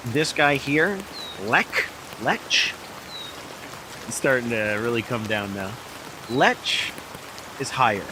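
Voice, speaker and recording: Middle-aged guy rambling about beer outside, loud rain all over the mic, voice right in the middle. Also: medium pitch, background noise. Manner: rambling, hesitant, many restarts. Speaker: beer review vlogger. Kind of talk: casual chat. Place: outdoors in heavy rain. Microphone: small mic on camera, outdoors. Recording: outdoor recording with loud rain. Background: rain pouring down.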